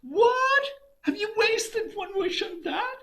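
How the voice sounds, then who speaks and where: A man telling a folk tale, voicing a shrill, scolding old farm wife who fires off exasperated questions. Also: expressive, slow pace, fairly bright tone, full character voice.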